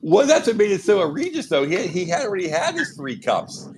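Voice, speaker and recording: Jokey higher-voiced man co-hosting. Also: huge pitch swings, a little fast, background noise. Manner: jokey, laughs between remarks. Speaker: podcast co-host. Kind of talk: casual podcast chat.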